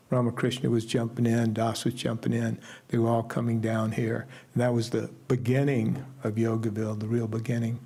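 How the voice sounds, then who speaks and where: An older man sharing a personal remembrance at a memorial service, telling stories in an unhurried way with asides. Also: mid-range voice, creaky, mellow, breathy edge. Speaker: memorial speaker. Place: ashram gathering hall.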